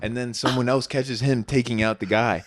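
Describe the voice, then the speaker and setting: A man's voice: medium pitch, fairly even intonation, moderate pace, dry recording, studio quality. A man co-hosting a podcast in casual chat, telling laid-back stories and swearing freely. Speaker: podcast co-host.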